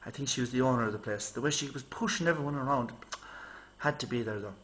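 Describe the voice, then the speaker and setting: There's slight background noise as a mid-range male vlogger rambles casually to his camera, fairly quickly. He's animated and chatty in his storytelling and mimics people with a raised voice.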